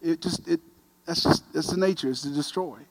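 A middle-aged man preaching, an animated, self-deprecating storyteller who grows quiet and earnest. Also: on the high side, brisk. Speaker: pastor. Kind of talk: sermon storytelling.

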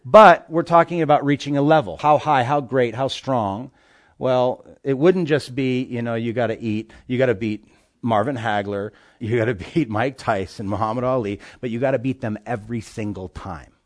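A male pastor delivers a sermon at a middle pitch, pressing his points with emphasis. He keeps throwing rhetorical questions at the listeners. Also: normal speed.

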